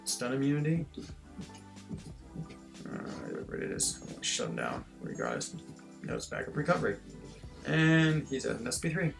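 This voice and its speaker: Man from switzerland, gravelly voice, casual game-stream chatter, faint music behind. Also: mid-range voice, wildly swooping pitch, normal speed, long pauses. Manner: chatty, self-deprecating, reads chat aloud. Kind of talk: casual gameplay stream chat.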